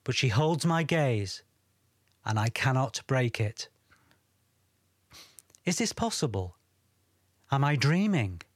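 A man narrates a first-person tale in a wry, reflective way. His voice sits at a middle pitch. The recording is dry and close, with no room sound. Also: big pitch swings, slow, long pauses, no echo.

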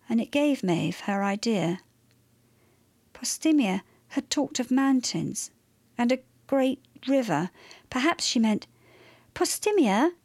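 A woman reads a story aloud with lively expression. Her voice sits on the high side and the sound is close and dry, with no room around it. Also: no echo. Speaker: narrator. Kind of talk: storybook narration.

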